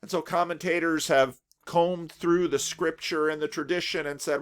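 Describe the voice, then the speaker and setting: A man's voice: on the high side, measured pace, hardly any pauses. A male pastor delivering a reflective sermon, earnest and thoughtful, often restarting phrases with repeated words.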